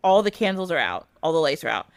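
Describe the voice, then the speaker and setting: A woman podcast host casually retelling a folk tale, animated, laughing often and using "like" a lot. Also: sits low, quick pace, gravelly, clear, resonant tone, no echo. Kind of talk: casual storytelling.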